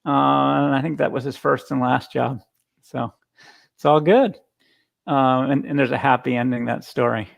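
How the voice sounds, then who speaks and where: Gravelly-voiced man giving a talk. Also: mid-range voice, fairly even intonation, normal speed. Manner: casual storytelling with frequent restarts. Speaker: guest speaker. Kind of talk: conference talk.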